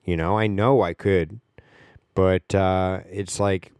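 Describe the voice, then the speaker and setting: A man's voice: deep voice, fairly even intonation, slow pace, darkish tone, clear, resonant tone, no echo, clean studio sound. A man hosting a podcast, talking in a rambling casual monologue with lots of fillers and the odd swear word. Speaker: podcast host.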